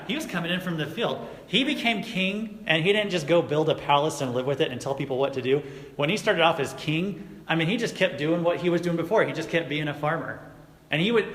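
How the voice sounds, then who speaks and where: A man's voice: a little high, a bit bright. Man preaching casually in an echoey hall. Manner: conversational, asks the audience questions. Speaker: youth pastor. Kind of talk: casual youth sermon retelling a Bible story. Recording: echoey hall recording, faint noise.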